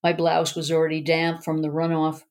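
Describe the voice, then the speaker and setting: A woman's voice: sits low, monotone, normal speed, a little mellow. Woman reading an emotional memoir. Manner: earnest, emotional storytelling. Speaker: narrator. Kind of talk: first-person memoir reading.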